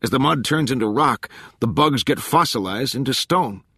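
Audiobook reading: man playing an eager scientist lecturing quickly, raised pitch. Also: no echo, clean studio sound. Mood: excited. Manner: fast, excited lecturing. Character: eager male marine scientist, enthusiastic explainer.

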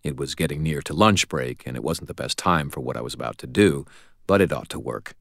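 A man's voice: extremely low pitch, fairly quick, creaky, a bit bright, dry recording. A man reading a first-person audiobook narration in a wry, dry storytelling manner.

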